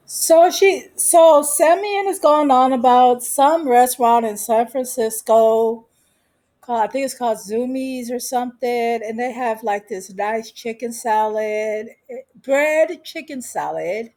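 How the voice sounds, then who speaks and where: A woman's voice: a little high, a little slow, dark tone. Sassy, slangy woman recapping a show. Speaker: vlogger.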